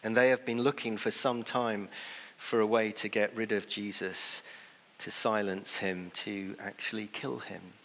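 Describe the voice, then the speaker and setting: A man delivering a sermon in a church, his voice sitting a little low. He talks in a chatty way and briefly acts out the people in his story. Long church reverb trails after his words. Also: flat delivery, unhurried, a bit bright. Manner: conversational preaching, acting out quoted voices. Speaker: pastor.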